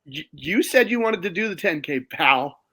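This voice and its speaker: A man with a slightly high, bright voice chats enthusiastically on a movie podcast. His delivery is upbeat and lively. The recording is dry. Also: normal speed, dry recording. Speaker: podcast co-host. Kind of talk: casual chat.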